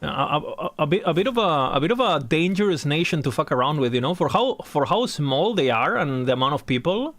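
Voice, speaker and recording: A man's voice: a little high, very animated, a little fast, few pauses, a bit bright, no echo. A young man chatting casually while streaming a game, rambling, swearing and laughing often.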